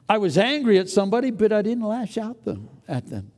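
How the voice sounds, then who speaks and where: A man preaching a sermon as a pastor, swinging between loud exclamations and hushed, near-whispered lines as he acts out his own thoughts. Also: high-pitched, sing-song, fairly quick, in a large hall. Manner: dramatic swings from loud to hushed, acting out inner voices.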